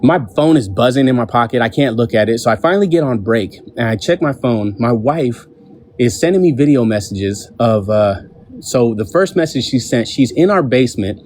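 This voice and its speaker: A man telling a casual story to his viewers from his home, animated and full of restarts. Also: medium pitch, normal speed, a little hiss or hum. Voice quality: animated, lots of restarts and "I'm like" quotes. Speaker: vlogger telling a pet story. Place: home, indoors.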